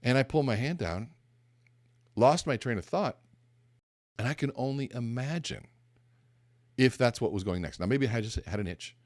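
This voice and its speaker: A man hosting a podcast, giving a motivational talk and telling an animated story with acted-out dialogue. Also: mid-range voice, normal speed, long pauses, dry recording, studio quality. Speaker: podcast host.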